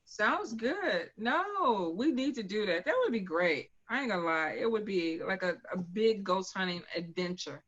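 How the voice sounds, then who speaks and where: A woman's voice: mid-range voice, normal speed, few pauses, lo-fi sound. A woman co-hosting a casual chat, telling stories animatedly and acting out what others said. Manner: animated storyteller, acts out quotes. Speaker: co-host.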